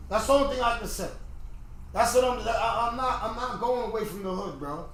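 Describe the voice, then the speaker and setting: A middle-aged man with a fairly high voice rants animatedly in a casual livestream monologue, stumbling and repeating words. The sound is very echoey, with faint noise behind him. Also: fast. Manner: animated ranting, repeats himself. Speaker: podcast host.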